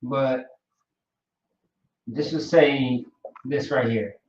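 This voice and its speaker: A man teaching a language class in a casual, relaxed way, often checking in with "right?" and "you know". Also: mid-range voice, very slow, a little hiss or hum. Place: classroom, writing on a board. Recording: roomy, distant, dull lo-fi sound.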